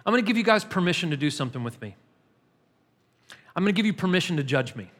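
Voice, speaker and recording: A man's voice: high-pitched, sing-song, quick pace, fairly bright tone. A man pastor preaching a sermon in a church, emphatic and repetitive, building in intensity. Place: church sanctuary. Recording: long hall reverb.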